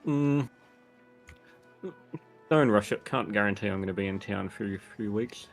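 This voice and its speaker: A man's voice: on the low side, moderate pace, creaky, soft background music. A man playing a tabletop game, laid-back and a little hesitant. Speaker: player.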